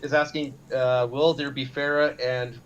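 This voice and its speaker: A man's voice: medium pitch, flat delivery, moderate pace, a bit bright, lo-fi sound, slight background noise. A man co-hosting a live stream, chatting animatedly, laughing a lot and acting out quotes. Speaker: stream co-host. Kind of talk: casual live-stream chat.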